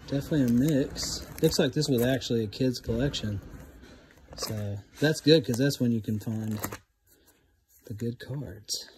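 A man chatting casually as he digs through boxes of finds, rambling and easily excited, recorded on a phone. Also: medium pitch, measured pace. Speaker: vlogger digging through resale finds. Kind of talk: casual running commentary. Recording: phone recording with loud clicking and handling noise.

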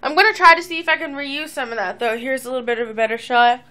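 Talking quickly in a high, pushed, bright voice with a clean tone, a teenage girl vlogs from indoors at home. She rambles to the camera in a casual, bubbly way and giggles often.

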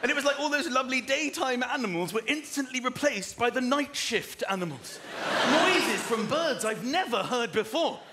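Animated high-voiced male stand-up comic. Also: normal speed. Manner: animated, acts out scenes with voices and bird and animal noises. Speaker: stand-up comedian. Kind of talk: stand-up comedy routine. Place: large theatre stage. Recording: live theatre recording with audience noise. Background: audience laughter.

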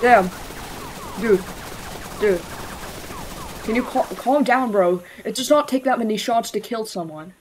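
A gaming video creator giving casual gameplay commentary, rambling and sarcastic, correcting themself mid-sentence with excitable outbursts. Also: mid-range voice, measured pace, long pauses, slight background noise.

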